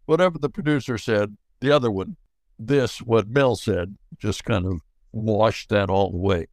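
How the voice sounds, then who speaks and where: Older man spinning animated stories. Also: lowish voice, normal speed, no room sound. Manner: animated, acts out dialogue in quotes. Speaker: guest actor. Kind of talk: anecdotal storytelling.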